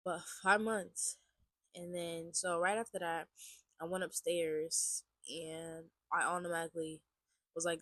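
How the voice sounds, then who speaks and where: In a fairly low, slightly bright voice with little pitch movement, a woman in her twenties tells a personal testimony to camera at an unhurried pace. She sounds congested and speaks casually, rambling, repeating phrases and saying "like" often. No echo.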